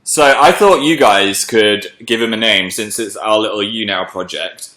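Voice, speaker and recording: A man chatting casually to viewers on a live stream, excitable and cooing over a small pet. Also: on the low side, normal speed, echoey room. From England. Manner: excitable, coos over his pet shrimp. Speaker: livestream host.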